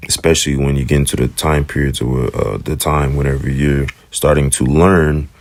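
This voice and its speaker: A man with an African American English accent teaching the Hebrew alphabet in a casual lesson, slowly repeating each letter's sound. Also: rumbling low, fairly even intonation, no room sound. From United States.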